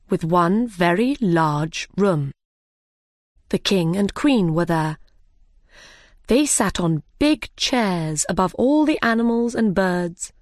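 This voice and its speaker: A woman narrating a children's storybook in a careful, measured reading style. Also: mid-range voice, no echo, studio quality. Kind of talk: slow, clear storybook reading.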